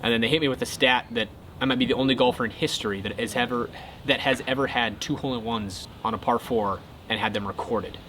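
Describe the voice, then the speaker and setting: A young man casually telling a golf story to his viewers, excitable and then earnest. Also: medium pitch, fast, slight background noise. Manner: excitable retelling, quieter and earnest when talking faith. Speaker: golf content creator.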